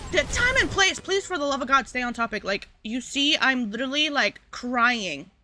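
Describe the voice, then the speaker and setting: A woman's voice: high-pitched, very animated, moderate pace, noisy background. A woman streamer talking casually to her chat, rambling with lots of fillers and asides. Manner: rambling, filler-heavy, addressing chat directly.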